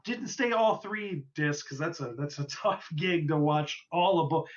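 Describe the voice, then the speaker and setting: A man's voice: a little high, lively intonation, measured pace, lo-fi sound. A man co-hosting a casual podcast, telling rambling stories and swearing casually. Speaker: podcast co-host.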